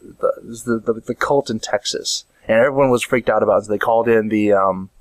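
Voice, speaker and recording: A man's voice: lowish voice, a little fast, no echo. A man giving a casual comedic vlog monologue, rambling and joking with frequent restarts. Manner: rambling, jokey storytelling with many restarts. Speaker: vlogger.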